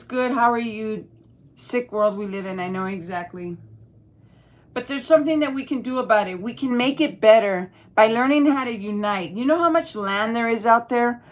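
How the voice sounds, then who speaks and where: A middle-aged woman from El Paso, Texas, hosting a casual live stream, reading chat aloud and answering bluntly with plenty of swearing. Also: on the high side. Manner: blunt, profane, talks back to chat. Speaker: livestream host reading chat.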